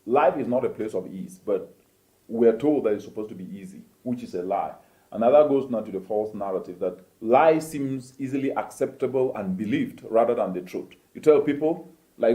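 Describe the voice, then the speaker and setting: Guy hosting a mindset show, low-key dark voice, preachy and emphatic. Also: fairly quick, reverberant. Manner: emphatic, preachy, rhetorical questions. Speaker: host. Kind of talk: motivational interview talk.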